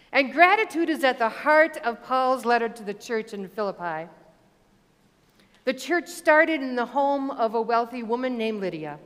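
A woman preaching a sermon, reading scripture and telling stories in a measured, deliberate way. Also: a little high, big-room sound. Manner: measured, deliberate delivery with storytelling asides.

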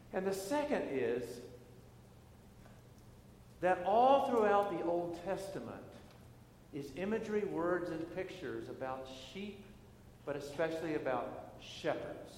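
Pastor, man, middle-aged, fairly high voice, unhurried and emphatic; recorded with long church reverb. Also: very animated, a little mellow, slight background noise. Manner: deliberate, emphatic preaching with measured pauses. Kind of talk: sermon. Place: church sanctuary. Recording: echoey hall with faint ambience.

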